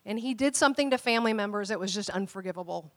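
A woman's voice: mid-range voice, very fast, a bit bright. A woman pastor telling a story in a casual, chatty sermon, with plenty of fillers and restarts. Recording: long hall reverb.

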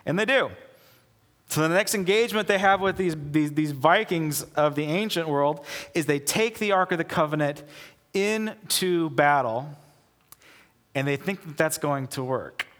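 A man preaching a casual sermon as pastor, telling the story in an animated way and acting out the people in it. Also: a little high, moderate pace. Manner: animated storytelling, acts out quoted voices. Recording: long hall reverb.

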